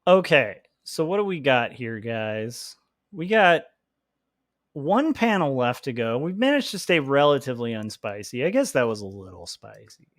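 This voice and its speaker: A man's voice: mid-range voice, no room sound, clean studio sound. Chatty man rambling on a livestream. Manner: rambling and chatty, full of "like", laughing often. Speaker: comics artist livestreaming his drawing work. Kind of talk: casual livestream chat.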